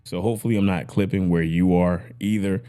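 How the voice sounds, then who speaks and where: A podcast gear reviewer hosts a casual demo, chatty and rambling, speaking into a broadcast dynamic mic with headphones and frequently checking that you follow him. His low voice is warm, fairly even in intonation, and a little fast.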